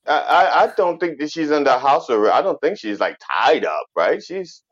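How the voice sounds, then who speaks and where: A man's voice: a little high, normal speed, dull audio. A man co-hosting a podcast in casual chat, telling stories with lots of restarts. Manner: lively storytelling, stammers and restarts.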